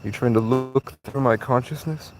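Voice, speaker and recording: A man's voice: medium pitch, normal speed. A man with an ordinary mid-range voice banters with a cat in a loose, teasing way, slipping into crude jokes and mock-mystical talk. He is outdoors at night on a work break, speaking into a phone, with crickets and a faint hiss behind him. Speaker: livestreamer. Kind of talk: casual live stream, talking to a cat.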